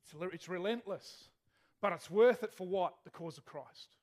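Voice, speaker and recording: A man's voice: high voice, normal speed, a little mellow. A male pastor preaching a sermon in a chatty way, often asking the congregation questions.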